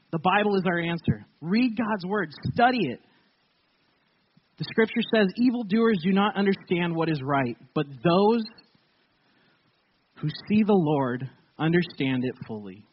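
A man's voice: on the high side, slightly rough, highs cut off. A man preaching a casual sermon to his church, joking and laughing as he talks. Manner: conversational, joking, laughs often. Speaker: pastor.

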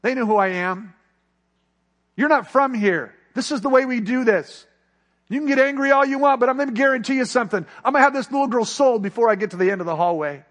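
A man's voice: very high voice, fast, fairly bright tone, voice pushed up. A preacher acting out a contemptuous male child trafficker who threatens a foreigner in a raised, taunting voice. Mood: menacing.

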